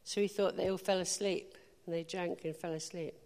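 A woman preacher giving a sermon, telling lively stories and speaking directly to the congregation. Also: on the low side, creaky, in a large hall. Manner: lively storytelling, quick asides to the audience. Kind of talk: sermon with anecdotes.

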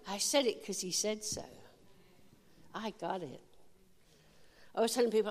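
A woman's voice: mid-range voice, animated, a little fast. A woman preaching an informal sermon, chatty and humorous, with emphatic declarations. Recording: hall reverb.

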